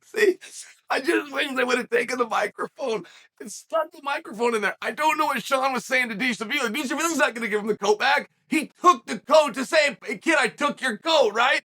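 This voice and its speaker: A middle-aged man hosts a solo commentary in a very high, bright, forceful voice. He tells the story with excitement and breaks into emphatic shouts. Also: fairly quick. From western United States. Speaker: host.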